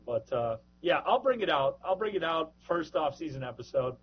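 A man's voice: a little high, normal speed, a little hiss or hum. Chatty man on a muffled call. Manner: chatty, joking, lively. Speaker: minor league baseball broadcaster, podcast host. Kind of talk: casual podcast chat.

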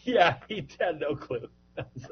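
A man co-hosts a casual podcast in a slightly high voice, joking and rambling through his stories. The sound is dull and lo-fi, with a faint hiss under it. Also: animated, slow. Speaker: podcast co-host, minor league broadcaster.

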